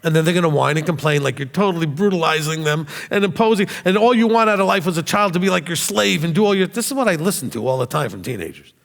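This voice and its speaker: Man in his 50s, high and expressive voice, blunt preacher who mimics others, reverberant hall. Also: fast talker, gravelly, hardly any pauses. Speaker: teacher. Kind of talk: sermon-style teaching.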